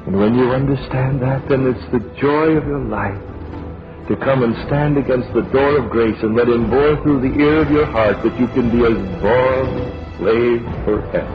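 Preacher on an old lo-fi tape. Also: male voice, mid-range voice. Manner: slow, dramatic storytelling. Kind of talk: storytelling sermon. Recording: lo-fi old sermon recording with music.

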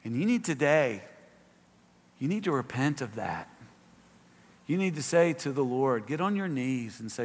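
A man preaching a sermon as pastor to a church congregation, swinging between emphatic, raised exhortations and quieter asides with fillers. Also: medium pitch, big pitch swings, moderate pace, long pauses. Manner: impassioned, rising to emphatic peaks, frequent fillers in asides. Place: church sanctuary. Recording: long reverb of a large hall.

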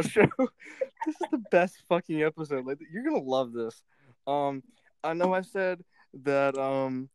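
A man's voice: mid-range voice, smooth. A young man hosting a podcast in a rambling, giggly casual chat, swearing freely. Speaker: podcast host.

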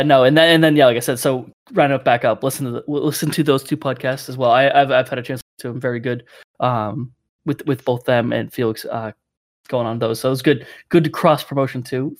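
A man from North America talks quickly as he hosts a casual gaming podcast. He rambles and circles back on himself. His voice sits in a middle pitch. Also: fairly even intonation. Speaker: podcast host.

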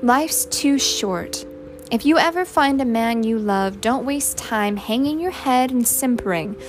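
A woman voicing a calm, practical mother in a storybook reading. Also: a little high, a little slow, soft background music, pitched above the performer's own voice. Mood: brisk. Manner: calm, matter-of-fact. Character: mild-mannered mother, plain and practical.

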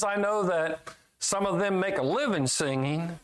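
Brief: middle-aged preacher, homespun and emphatic, voice sits a bit high, big swings up and down. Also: male voice, lively intonation, normal speed. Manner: folksy, emphatic, swinging between loud highs and low asides. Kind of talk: sermon.

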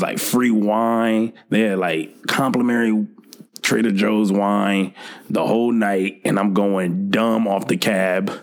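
A young man hosting a podcast, telling a funny weekend story in a laid-back, casual way, swearing often and laughing a lot. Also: fairly low pitch. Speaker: podcast host.

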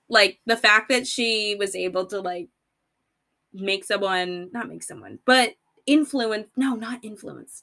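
A woman hosting a podcast in a casual, animated way, full of "like" and swearing, slipping into quick quoted voices for characters. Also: medium pitch, creaky. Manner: animated, filler-heavy valley-girl talk, acts out characters in quick quoted voices; swears freely and laughs at herself. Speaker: podcast host. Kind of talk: casual recap chat.

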